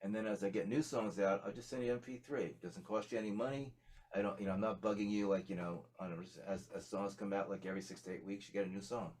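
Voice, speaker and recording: Man, interview guest, lowish voice, rambling, lots of fillers. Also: fast talker, a little mellow. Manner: rambling, many fillers and restarts. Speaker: musician guest. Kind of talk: casual interview chat.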